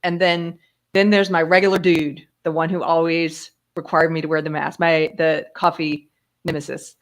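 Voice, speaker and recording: A woman hosting a casual live-stream chat, telling a story with lively acted-out dialogue and frequent laughter. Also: sits low, normal speed. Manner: animated storyteller who acts out dialogue and laughs often. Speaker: podcast host.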